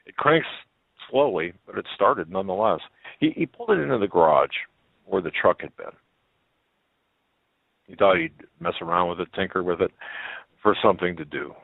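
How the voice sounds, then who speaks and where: A man reading a story aloud as a radio host, in a halting way with many fillers and restarts. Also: deep voice, expressive, vocal fry, slightly rough, dry recording. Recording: tinny phone-like line.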